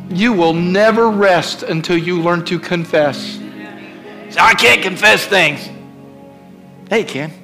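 Fervent high-voiced male pastor preaching. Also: fairly bright tone. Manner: fervent, repetitive calls to the congregation. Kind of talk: sermon.

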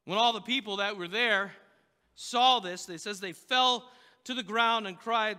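A man's voice: sits high, a little slow, pushed and bright, smooth, long reverb tail. A man preaching a sermon, telling a story in a loose, conversational way with fillers and restarts. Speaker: pastor.

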